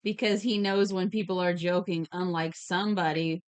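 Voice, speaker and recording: A woman's voice: lowish voice, steady tone, normal speed, smooth, no echo. A woman streamer chatting casually while drawing, reading viewers' messages aloud with a giggly, playful manner. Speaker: streamer and digital artist.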